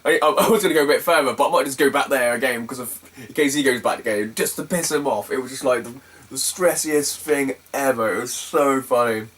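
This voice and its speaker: A man's voice: medium pitch, a little fast, a bit bright, recorded from a distance. A man telling a story casually to camera, chatty and sweary with lots of fillers. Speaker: retro game collector vlogger.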